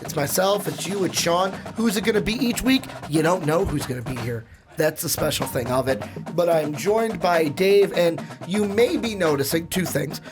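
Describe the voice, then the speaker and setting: Hoarse, raspy man hosting a podcast. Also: on the high side, animated, normal speed, over music. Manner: chatty, rambling plugs and asides. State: hoarse, lost voice. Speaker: podcast host. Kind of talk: casual sports chat.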